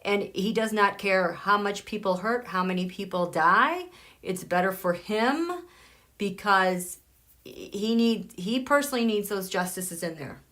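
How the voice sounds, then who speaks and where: A woman with a mid-range, fairly bright voice hosts a live tarot stream. She chats casually with viewers, reads their comments aloud, and recites quotes slowly.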